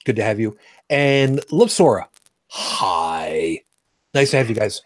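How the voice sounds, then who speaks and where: A man's voice: fairly low pitch, sing-song, takes it slowly, no echo. A man hosting a casual live podcast, joking and rambling as he greets viewers. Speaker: podcast host. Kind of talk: casual livestream chat.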